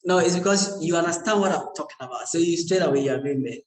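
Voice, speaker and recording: Speaking fast in a slightly high voice, a man delivers a casual, joking university lecture and checks in with his students repeatedly. A crowd can be heard in the background of the echoey lecture room.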